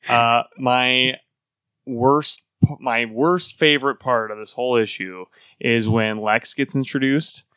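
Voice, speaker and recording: Smooth-voiced man chatting about comics. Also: mid-range voice, slow, pushed and bright, no room sound. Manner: laughing, quotes characters in put-on voices. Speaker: podcast co-host. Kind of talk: casual comic book review chat.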